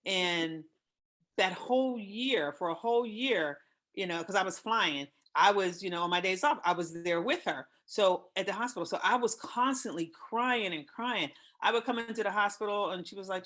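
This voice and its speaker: A woman in her fifties hosts a relaxed chat among friends. She speaks openly and expressively, her voice sitting in an ordinary middle pitch and easily swelling with feeling. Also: normal speed. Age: 50s. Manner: emotional, expressive storyteller. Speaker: talk show host. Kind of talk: casual chat.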